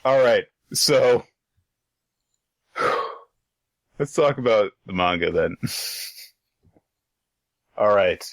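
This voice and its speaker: A man's voice: on the low side, lively intonation, drawn-out words, gravelly, pauses often, dry recording. A young man co-hosting a casual podcast, laid-back, swearing and laughing often. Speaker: podcast co-host. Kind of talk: casual chat.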